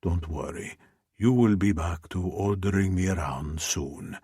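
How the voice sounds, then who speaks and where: A possessive mafia boss, as a man voices him speaks very deep and husky, low and half-whispered. He sounds commanding and close in this audiobook romance, slow and dry. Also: mellow, dry recording, exaggerated voice. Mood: hushed.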